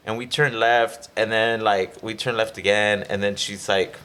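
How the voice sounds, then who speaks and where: A man's voice: quick pace, few pauses. A man co-hosting a podcast, telling a story in casual chat, swearing and laughing as he acts out the people in it. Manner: animated storyteller, acts out voices with big pitch jumps. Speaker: podcast co-host.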